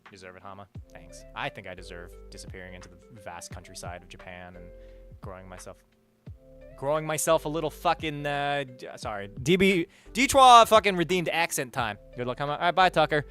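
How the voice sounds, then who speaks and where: A man chatting casually on a livestream, reading out donations and rambling, swearing often. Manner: rambling, swears a lot, animated swings in pitch and loudness. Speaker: streamer. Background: faint music.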